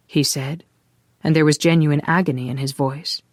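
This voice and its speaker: An audiobook narrator reading a romance novel in an even, measured way. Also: medium pitch, no room sound. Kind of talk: scripted narration.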